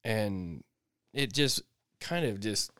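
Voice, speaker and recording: A middle-aged man co-hosting a podcast, telling a rambling, animated story in casual chat, full of restarts and sound effects, on a close mic. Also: fairly low pitch, slow, smooth, dry recording. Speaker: podcast co-host.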